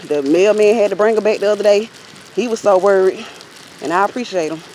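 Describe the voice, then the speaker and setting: A woman's voice: mid-range voice, brisk, darkish tone, slight background noise. Chatty woman telling a story outdoors. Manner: chatty, addresses viewers directly. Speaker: vlogger. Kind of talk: casual storytelling. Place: outdoors while out walking.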